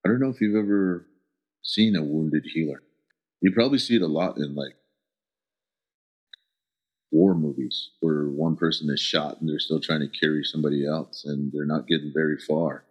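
A middle-aged man from the American Southwest telling personal stories as an interview guest, earnest and halting, often pausing to search for words. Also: a bass voice, steady tone, breathy edge. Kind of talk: reflective personal storytelling. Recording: dull lo-fi recording.

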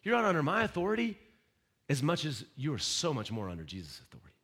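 A man preaching a sermon as pastor, emphatic, with direct questions to the congregation and sudden rises and soft drops. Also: a little high, huge pitch swings, quick pace, slightly rough.

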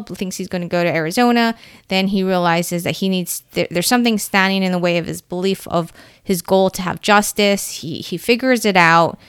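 A woman's voice: mid-range voice, fairly bright tone, smooth, dry recording, studio quality. A woman hosting a solo podcast, talking in a chatty, rambling way with easy asides. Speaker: podcast host. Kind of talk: casual solo podcast talk.

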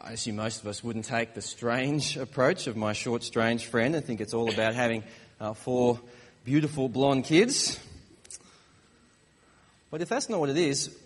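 A man, a father of young children, preaching a sermon in a relaxed, joking storytelling manner. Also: mid-range voice, measured pace, long pauses, husky, in a large hall.

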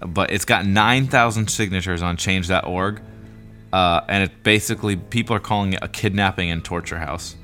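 Low-voiced rambling male podcast host. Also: moderate pace, bright, forceful tone, faint music behind. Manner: filler-heavy, rambling, laughs easily. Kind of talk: casual chat.

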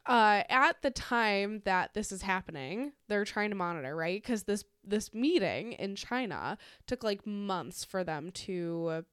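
A woman's voice: medium pitch, expressive, unhurried, few pauses, fairly bright tone, smooth, no echo, studio quality. A woman co-hosting a podcast, recapping the news in a casual, chatty way, swearing freely and laughing often. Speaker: podcast co-host.

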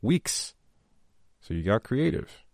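Deep-voiced earnest male podcast host. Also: normal speed, no echo, clean studio sound. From from a country with long power outages. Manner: earnest, heartfelt, repeats key phrases. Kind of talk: motivational podcast talk.

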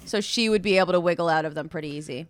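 A woman's voice: on the low side, very fast, dry recording. A woman playing a tabletop role-playing game, playful and laid-back as she describes her character's moves. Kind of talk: casual tabletop role-play.

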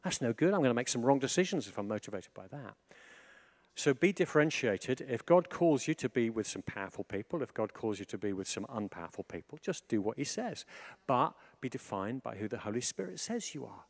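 A man preaching a sermon in a chatty, animated way, full of asides and restarts. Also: medium pitch, fairly quick.

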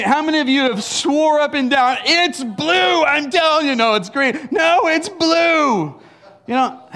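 A male pastor with a high voice preaches in a church, telling a story in an animated way. He breaks into laughs and acts out asides. He sounds middle-aged. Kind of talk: sermon.

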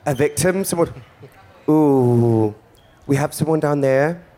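Warm in tone and on the high side, this man takes his time as he hosts a stage comedy show in drag. Before a live audience he delivers flamboyant, teasing, campy stand-up with theatrical flair.

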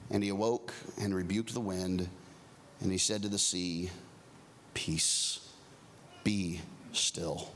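A man preaching a sermon, swinging from loud, high emphasis down to soft, hushed near-whispers. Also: steady tone, normal speed, a little hiss or hum. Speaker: pastor.

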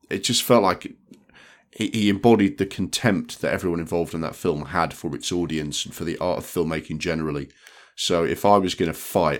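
A man co-hosting a film podcast, talking bluntly and swearing, with many restarts. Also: extremely low pitch. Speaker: podcast co-host. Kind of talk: casual film chat.

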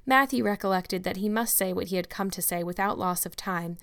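A woman reads a classic novel aloud in a steady, measured narration. Her pitch sits in the middle range for a woman. The delivery is even and unhurried. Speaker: audiobook narrator. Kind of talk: scripted narration.

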